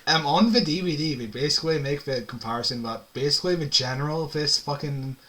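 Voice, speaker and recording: A man's voice: a little high, fast, sharp tone. A man co-hosting a podcast review in chatty casual talk, laughing easily and sharing trivia. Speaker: podcast co-host.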